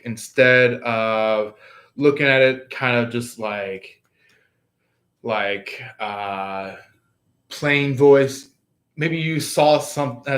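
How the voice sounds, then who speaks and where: A man's voice: mid-range voice, a bit bright. A man giving a casual tarot reading, rambling with many fillers and restarts. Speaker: tarot reader.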